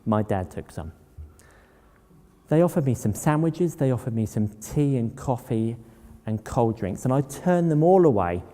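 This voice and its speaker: A man's voice: medium pitch, animated, normal speed, mellow. A man giving a talk, telling personal stories in a plain, anecdotal way. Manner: anecdotal, plain-spoken storyteller. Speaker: public speaker. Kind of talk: storytelling talk. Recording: long hall reverb.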